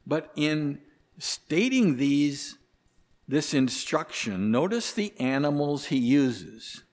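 Male preacher, mid pitch, unhurried and emphatic sermon delivery, long hall reverb. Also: very animated, a little mellow. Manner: slow, deliberate preaching with emphatic rises on key words.

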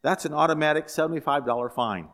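A man's voice: a little high, fast, fairly bright tone, natural voice. A man voicing a police officer in a joke, speaking formally and sternly. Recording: echoey hall.

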